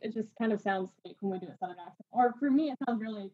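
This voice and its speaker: A woman comedian in casual chat, talkative and quick to laugh, who says "like" a lot. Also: medium pitch, breathy edge. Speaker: comedian, guest. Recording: muffled lo-fi audio.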